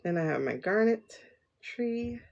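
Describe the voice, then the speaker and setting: Woman rambling on a phone livestream, slow and gravelly, lots of ups and downs in her voice. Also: mid-range voice, expressive, muffled recording. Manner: rambling, chatty, laughs often. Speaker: livestream tarot reader. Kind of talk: casual livestream chat.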